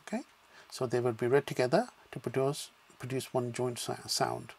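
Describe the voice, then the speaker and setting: A man with a creaky, husky, mid-range voice and fairly even intonation speaks at normal speed. He teaches a beginners' language lesson slowly, patiently sounding out syllables one at a time, blending them into words, and checking in with frequent "okay"s.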